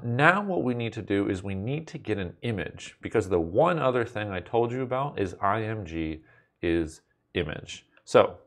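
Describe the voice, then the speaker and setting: A man teaching a recorded coding lesson at his computer, in a playful, wry way with jokey asides to the viewer. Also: fairly low pitch. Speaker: instructor.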